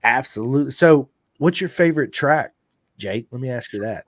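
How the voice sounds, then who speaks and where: An American man hosts a casual podcast chat, his voice set at an ordinary middle pitch. He sounds eager and slangy, tossing out "dude" and "bro." The sound is close and dry, with no room echo. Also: animated, moderate pace. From United States. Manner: enthusiastic, slangy, calls guest dude and bro. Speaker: podcast host.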